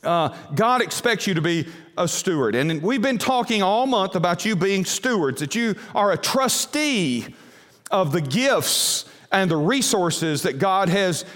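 A man's voice: high-pitched, expressive, a little slow, fairly bright tone. A male pastor delivering a folksy sermon in a church, with frequent fillers and restarts. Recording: long hall reverb.

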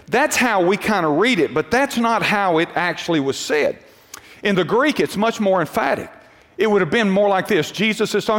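A man's voice: sits high, lively intonation, fairly quick, a bit bright. A male pastor preaching a sermon, emphatic and repetitive, often restarting his sentences. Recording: long hall reverb.

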